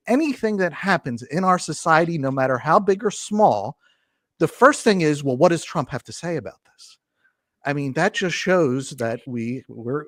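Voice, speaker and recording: A man's voice: a little high, fairly bright tone, no echo, clean studio sound. A man speaking as a guest in a casual interview, arguing his points earnestly and with conviction. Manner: earnest, impassioned argument. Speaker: podcast guest.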